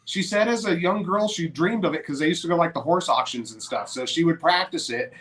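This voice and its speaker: A man's voice: on the high side, a little fast, a bit bright. A man co-hosting a casual chat in an easygoing, laid-back way. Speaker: co-host.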